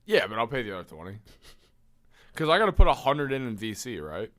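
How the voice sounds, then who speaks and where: Laid-back deadpan young podcast co-host. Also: male voice, medium pitch, a little fast. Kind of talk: casual podcast banter.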